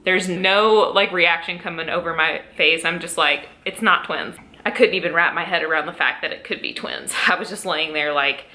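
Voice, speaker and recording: A woman's voice: fairly low pitch, moderate pace, pushed and bright, a little hiss or hum. A young adult woman telling a pregnancy story at home in a casual vlog, emotional and close to tears, laughing between lines. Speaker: vlogger.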